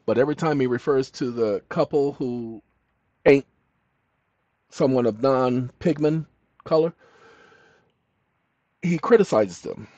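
A man hosting his own channel, talking straight to viewers in an emphatic monologue that swings between loud and hushed. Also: mid-range voice, dry recording. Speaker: channel host. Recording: dull lo-fi, dry sound.

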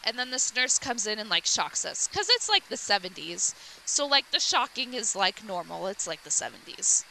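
A woman's voice: a little high, sing-song, normal speed, gravelly, bright, forceful tone, a little hiss or hum, poor audio. A woman streamer casually retelling a game's story, rambling with lots of likes and restarts.

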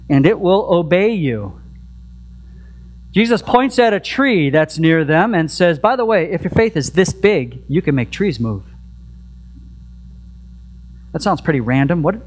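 Male pastor, fairly high voice, chatty sermon delivery with faint mains hum. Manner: conversational preaching with rhetorical questions; repeats a prayer refrain softly. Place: church sanctuary.

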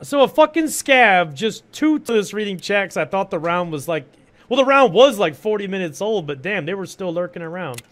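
A man streaming a shooter game, commenting excitedly, swearing freely and thanking donors. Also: sits high, moderate pace. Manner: excitable, swears a lot, reads out donations. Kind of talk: live gameplay commentary.

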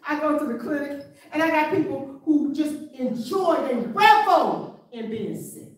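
Animated woman preaching in an echoey hall. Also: sits high, unhurried, far from the mic. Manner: conversational preaching with rhetorical questions. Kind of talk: sermon. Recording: very echoey room, voice from afar.

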